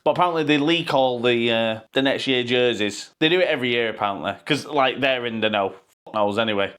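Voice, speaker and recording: A man delivers a football fan vlog as a running rant. His talk is full of sarcasm and swearing. His voice sits at an everyday middle pitch. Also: fairly quick, a bit bright, smooth.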